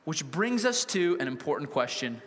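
Animated high-voiced male preacher in a hall. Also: normal speed. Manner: animated, humorous, rhetorical questions. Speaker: pastor. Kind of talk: sermon. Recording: long hall reverb.

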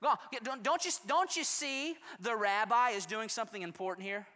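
Brusque, hurried disciples brush the children aside with a bright, cutting tone, as a preacher acts them out. The voice rings with long hall reverb. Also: medium pitch, natural voice. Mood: dismissive. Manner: dismissive, hurried, shooing.

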